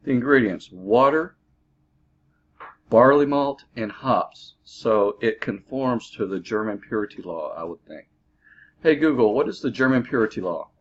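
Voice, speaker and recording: A man giving a casual beer review, halting and full of fillers, recorded on a dull lo-fi mic. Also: mid-range voice, lively intonation. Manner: halting, filler-heavy, easygoing.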